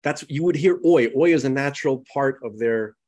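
A man's voice: mid-range voice, normal speed, a little mellow. A man co-hosting a podcast in casual conversation, talking in a rambling way with many restarts and "you know"s. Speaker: podcast co-host.

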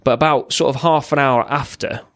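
A man's voice: medium pitch, fairly even intonation, a little fast, a bit bright, no echo. A man, a military veteran, giving a raw, blunt personal account as a podcast guest, swearing freely and often restarting his sentences.

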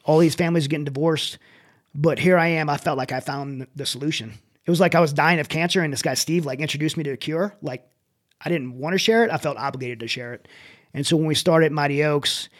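A man's voice: a little high, brisk. A middle-aged man and military veteran, guest in an interview, candidly telling his own story with many restarts. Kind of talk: personal testimony in conversation.

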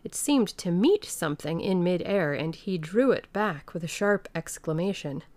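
A woman reading a classic novel aloud in a measured storytelling manner. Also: fairly low pitch, lively intonation, a little mellow. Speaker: audiobook reader. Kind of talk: scripted narration.

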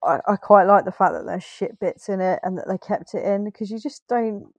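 A woman's voice: mid-range voice, moderate pace, a little mellow, breathy edge, no echo. A woman chatting casually about films as a podcast co-host, rambling and correcting herself as she goes. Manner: rambling, self-correcting, laughs often. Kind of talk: casual film review chat.

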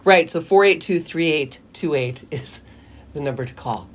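A woman's voice: low voice, lively intonation, normal speed, breathy edge. A woman co-hosting a radio talk show, chatting casually, teasing and laughing often. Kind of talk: casual on-air banter.

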